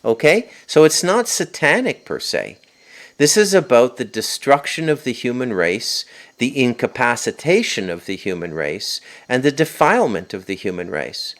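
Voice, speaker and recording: A man's voice: medium pitch, sing-song, moderate pace, fairly bright tone. A man delivering a spoken monologue as host, insistent and peppering his points with a questioning "okay?". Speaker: host and author.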